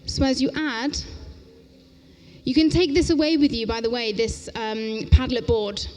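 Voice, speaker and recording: Woman presenter, teacher trainer, lively and brisk, slightly high voice, long reverberant lecture-hall sound. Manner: brisk and upbeat, often checking in with "okay?". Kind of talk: interactive conference workshop talk. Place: large lecture hall at a conference.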